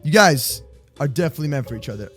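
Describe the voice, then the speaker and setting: A young man hosting a Minecraft roleplay, talking in an excitable, jokey way with lots of restarts. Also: fairly high pitch, quick pace, slightly rough, soft background music. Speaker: roleplay host.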